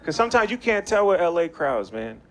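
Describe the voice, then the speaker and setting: Animated young man doing stand-up. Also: high voice, fairly quick. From Maryland, USA. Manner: loose, chatty delivery with slang and audience banter. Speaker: stand-up comedian. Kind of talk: stand-up comedy set. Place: small comedy bar. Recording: live bar set with noticeable background noise.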